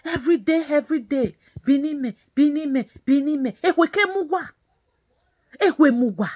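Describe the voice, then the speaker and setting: A woman's voice: sits high, measured pace, a little mellow. A woman vlogger ranting angrily, scolding in repeated phrases and slipping into Pidgin. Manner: scolding, repetitive, mixes in Nigerian Pidgin. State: angry and bitter. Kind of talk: angry ranting commentary.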